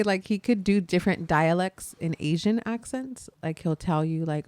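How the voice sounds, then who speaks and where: A woman's voice: lowish voice, brisk, few pauses, clean tone, no room sound. A woman in her thirties co-hosting a casual podcast, telling stories with lots of laughter. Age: 30s. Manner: laughs a lot, animated storytelling. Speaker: podcast co-host. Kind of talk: casual chat.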